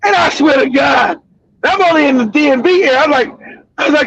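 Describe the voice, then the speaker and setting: Loud laughing high-voiced man. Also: moderate pace, low-quality recording. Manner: loud, laughing, swearing storyteller. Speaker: livestream host. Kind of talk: casual profane commentary.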